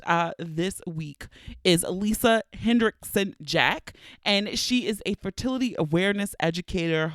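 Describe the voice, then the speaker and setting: A woman in her thirties hosts her podcast in a chatty, playful monologue, laughing often. Her voice is smooth and resonant, and she sounds a little stuffy from allergies. The close-mic recording is dry, with no room sound. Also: fairly low pitch, fairly bright tone, no echo. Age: 30s. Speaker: podcast host.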